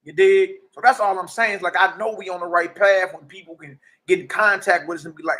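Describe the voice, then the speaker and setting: High-voiced, animated man in his forties. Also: a little fast, few pauses. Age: 40s. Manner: animated, slangy, keeps asking "you dig?". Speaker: livestream host. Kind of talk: casual preaching testimony.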